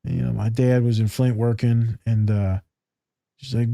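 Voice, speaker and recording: A man hosting a casual podcast, from Michigan, telling profane, animated stories and acting out quotes. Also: mid-range voice, moderate pace, vocal fry, no room sound, clean studio sound. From Michigan, USA. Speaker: podcast host.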